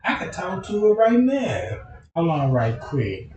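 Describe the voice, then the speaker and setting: A man's voice: fairly high pitch, huge pitch swings, measured pace. A man telling a rambling comic story, profane and full of slang, often asking his listeners whether they follow him. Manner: profane, slang-heavy, repeats filler questions. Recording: roomy, from far off the mic, faint background noise.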